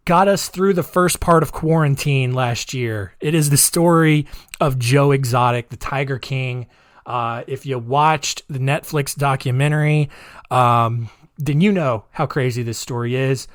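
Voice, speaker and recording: A man's voice: mid-range voice, measured pace, no echo. A man hosting a podcast in a casual monologue, rambling, offhand and sarcastic, on a close mic. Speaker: podcast host.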